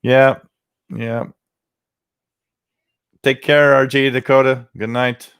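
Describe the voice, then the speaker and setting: A man's voice: mid-range voice, flat delivery, slow pace, fairly bright tone, clear, resonant tone, no room sound. A man, hosting a livestream, telling rambling stories and greeting viewers by name in casual chat. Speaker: livestream host.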